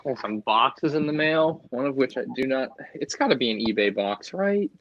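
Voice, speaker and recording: A man's voice: medium pitch, animated, normal speed, a bit bright, no echo, muffled recording. A man co-hosting a livestream, talking offhandedly and muttering to himself while he fiddles with things. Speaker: livestream co-host. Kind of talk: casual group chat on a livestream.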